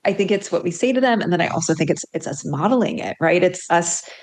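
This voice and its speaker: A woman's voice: lowish voice, fast talker. A middle-aged woman career coach on a podcast, telling stories animatedly and acting out quotes. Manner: animated storytelling with acted-out quotes. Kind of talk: podcast interview, telling a story.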